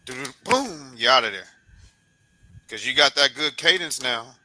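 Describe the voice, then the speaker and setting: A man hosting a sports podcast interview, talking in a loose, encouraging, coach-like way and beating out rhythms with repeated boom sounds. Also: normal speed, sharp tone, a little hiss or hum, rough recording. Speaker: podcast host. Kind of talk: casual sports interview chat.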